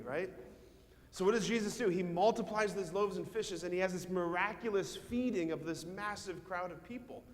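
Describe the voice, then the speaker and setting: A male priest, his voice a touch higher than most men's, gives a lively homily to schoolchildren. He tells a story from his boyhood and keeps turning to ask the kids questions. The sound carries a long church reverb. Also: moderate pace. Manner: animated, storytelling, asks the children questions. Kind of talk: children's homily.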